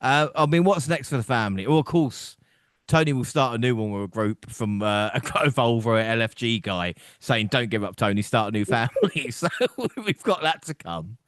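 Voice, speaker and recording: Rambling podcast co-host, dry close sound. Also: male voice, mid-range voice, animated, normal speed, a bit bright, clean tone, dry recording. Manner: rambling, laughs often, keeps asking "do you know what I mean". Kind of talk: casual chat.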